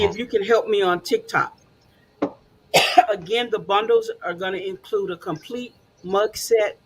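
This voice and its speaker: A woman's voice: fairly low pitch, fairly bright tone, slight background noise. A woman hosting a casual talk show, encouraging and conversational, with frequent fillers.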